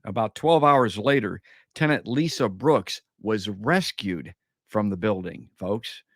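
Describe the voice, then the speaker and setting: A man's voice: on the low side, lively intonation, takes it slowly, dry recording, studio quality. A man hosting a live call-in podcast, reading news items aloud and commenting on them in a chatty way, talking straight to his listeners. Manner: chatty, addresses listeners as folks, many uhs. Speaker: podcast host.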